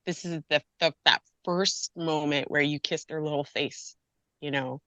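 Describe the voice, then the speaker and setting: A woman's voice: sits low, steady tone, normal speed, fairly bright tone, no echo. A woman grief coach in an interview, speaking earnestly and passionately, close to tears. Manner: earnest, impassioned, pleading. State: near tears. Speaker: grief and loss coach, guest. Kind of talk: emotional personal interview talk.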